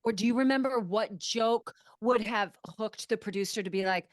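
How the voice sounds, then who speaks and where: A woman's voice: fairly high pitch, normal speed, dry recording. A young adult woman hosting a podcast, chatting in a playful, teasing way. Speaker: podcast host. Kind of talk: casual podcast chat.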